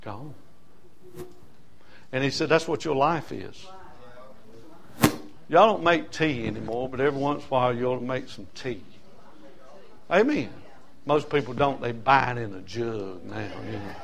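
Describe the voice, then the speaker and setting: A man's voice: mid-range voice, fairly bright tone. Impassioned older preacher man. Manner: impassioned, rhythmic repetition, folksy asides. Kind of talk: sermon.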